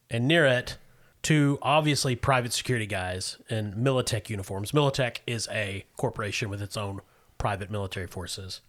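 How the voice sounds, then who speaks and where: Running a tabletop role-playing game, a game master with a medium-pitched voice explains the setting casually, using fillers and restarting himself.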